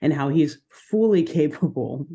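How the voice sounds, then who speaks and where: A woman co-hosting a podcast, recapping a cartoon episode in an animated, laughing chat. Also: low voice, breathy edge. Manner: animated, laughing, quick asides. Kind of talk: casual chat.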